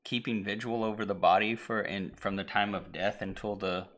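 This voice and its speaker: A low-pitched man with a bright, forceful edge to his voice, chatting casually as a stream co-host. He rambles through a story, stopping to act out the characters with yells and hushed whispers. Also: fairly even intonation, moderate pace. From Irish heritage (family, not place). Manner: rambling, acts out lines with shouts and whispers. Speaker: podcast co-host. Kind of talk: casual chat retelling a movie.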